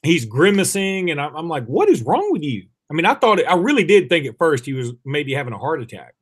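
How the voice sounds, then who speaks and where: A man's voice: fairly high pitch, quick pace. A man co-hosting a podcast, telling a funny story in casual chat and acting out the voices of the people in it. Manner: animated, laughing storyteller who acts out voices. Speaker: podcast co-host.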